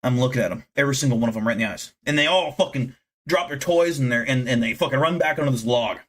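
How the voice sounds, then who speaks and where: A man's voice: mid-range voice, quick pace, fairly bright tone. A young American man hosting a casual livestream, boasting and swearing as he rambles to his chat. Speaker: livestream host.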